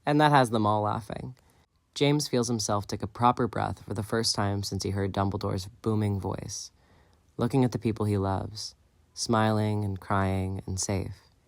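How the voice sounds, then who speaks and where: A hoarse man reading a fan fiction audiobook in a soft, steady storytelling manner on a close mic. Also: fairly low pitch, unhurried, no room sound. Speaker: audiobook reader.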